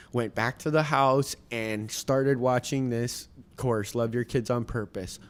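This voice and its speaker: A man in his thirties, a podcast guest, telling a heartfelt personal story in an earnest way with many ums and uhs. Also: medium pitch.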